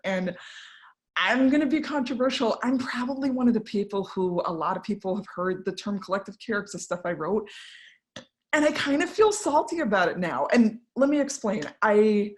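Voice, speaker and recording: A woman giving a talk to an online audience from home, candid and conversational, with fillers and asides, voicing the people she quotes. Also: medium pitch. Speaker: invited speaker.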